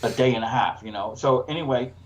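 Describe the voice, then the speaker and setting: A man's voice: mid-range voice, fast talker, a little hiss or hum, poor audio. A man telling a profane work story on a casual podcast, laughing through his own punchlines. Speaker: podcast co-host.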